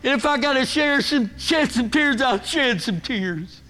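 A man's voice: very high voice, expressive, unhurried, bright, forceful tone. A middle-aged man preaching a sermon in a church, earnest and emotional, rising and pressing as he is stirred. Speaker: guest preacher. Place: church sanctuary.

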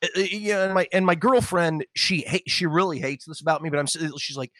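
A man's voice: on the high side, fairly quick, a bit bright, no echo. A man calling in to a talk show, ranting heatedly and swearing a lot. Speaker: caller. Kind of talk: casual call-in chat.

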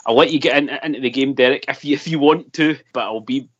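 A man's voice: medium pitch, quick pace, slightly rough. Earnest man on a podcast, muffled. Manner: earnest and talkative, hearty laugh. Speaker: podcast co-host. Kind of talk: casual chat.

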